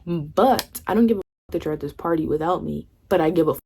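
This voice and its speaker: A young woman tells a personal story to her camera in a casual, candid way. Her voice sits a little on the low side. She swears freely and slips into the voices of her friends as she talks. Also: fast, creaky, darkish tone, slightly rough. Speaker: vlogger.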